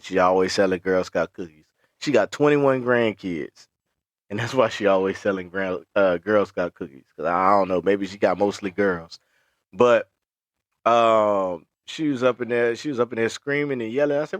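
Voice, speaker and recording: A young adult man co-hosting a podcast in casual chat, telling stories, often laughing and jumping up high to quote other people. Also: moderate pace, no echo, dull audio. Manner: animated storyteller, acts out high-pitched quotes, laughs often. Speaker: podcast co-host.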